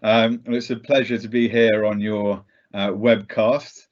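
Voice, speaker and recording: A man's voice: lowish voice, little pitch movement, measured pace. A man giving a casual, chatty talk as a guest speaker over a video call, self-deprecating and full of ums. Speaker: guest speaker for a cider brand. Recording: dull lo-fi video call audio.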